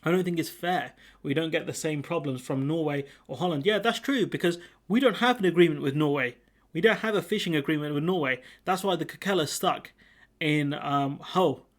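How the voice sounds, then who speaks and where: A young man comments on the news in a loose, chatty way, mocking and sarcastic as he goes. His voice sits a little higher than most men's. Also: fairly quick. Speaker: commentary channel host. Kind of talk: casual reaction commentary.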